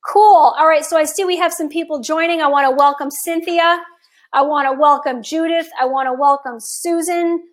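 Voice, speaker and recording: A woman in her fifties with a high voice, talking as a health coach on a live stream. She is chatty and enthusiastic. Her voice is a little hoarse from long talking. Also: a bit bright. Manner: enthusiastic, chatty, with occasional laughs.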